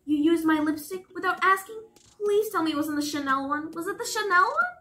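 A woman's voice: very high-pitched, lively intonation, a little fast, bright, forceful tone, voice pushed up, exaggerated voice. A woman reading aloud, voicing a fussy, anxious mother whose voice rises when flustered. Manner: rising, flustered. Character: fussy, anxious middle-aged mom.

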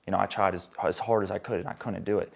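Young man, gravelly low voice, rambling testimony, guest on a talk show. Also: steady tone, fast talker. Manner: rambling, restarts, many "you know"s. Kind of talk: telling his testimony.

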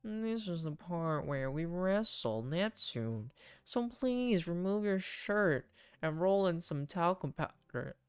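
Goofy, easygoing dad pastor in a dating game, a woman reads him, slow and low-key, dry close sound. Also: expressive, clean tone, no echo. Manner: slow, drawn-out joking delivery. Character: laid-back middle-aged dad pastor, goofy.

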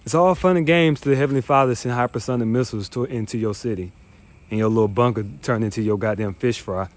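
A man's voice: mid-range voice, quick pace. A man teaching the Bible verse by verse, reading passages then ranting in a profane, scornful, emphatic way. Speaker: scripture teacher.

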